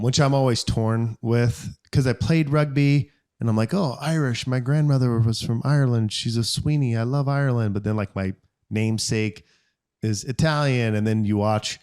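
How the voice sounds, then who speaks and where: A man's voice: mid-range voice, fairly even intonation, normal speed, a little mellow, clean tone. A man co-hosting a casual podcast, telling rambling stories and mimicking other people's voices as he goes. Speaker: podcast co-host. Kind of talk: casual chat.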